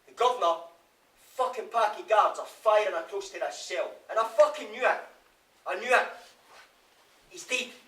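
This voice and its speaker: Recorded live from a distance in a roomy theatre, this Scottish-accented stage actor plays a remorseful prisoner in a monologue. His high-sitting, fairly bright voice moves at a moderate pace with long pauses. Guilt-ridden and brooding, he delivers it raw and swears constantly.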